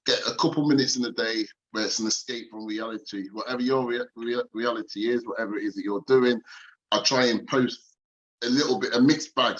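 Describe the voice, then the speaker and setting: A man from Nottingham, England, guests on a podcast, chatting openly and easygoingly and laughing readily. His voice is on the low side, and the recording sounds muffled.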